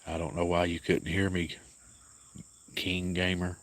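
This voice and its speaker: Appalachian man, deep flat voice, soft-spoken, casual livestream chat, outdoors. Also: unhurried. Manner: soft-spoken, grieving, talks to viewers by name. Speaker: cat sanctuary livestream host.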